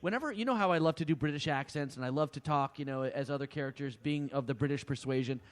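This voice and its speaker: A man co-hosting a casual podcast, talking in an animated, playful way. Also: mid-range voice, fast. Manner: animated, playful, says dude. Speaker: podcast co-host. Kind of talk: casual chat.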